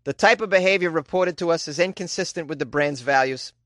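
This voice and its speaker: Man doing a Boston-accented news reader, exaggerated accent, mock outrage, dry sound, fairly high voice. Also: fairly quick, a bit bright, no echo, close to an everyday voice. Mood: mock-serious.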